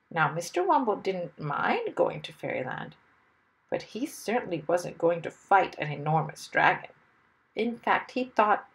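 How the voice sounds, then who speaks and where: A woman reading a children's story aloud with expressive, lively storytelling. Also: medium pitch, gravelly, poor audio. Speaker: storybook reader.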